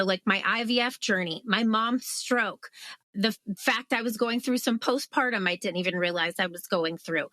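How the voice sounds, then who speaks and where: Animated woman guest, dry close sound. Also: medium pitch, no room sound. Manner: animated storyteller, acts out her own past outbursts. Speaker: guest, author. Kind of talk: podcast interview.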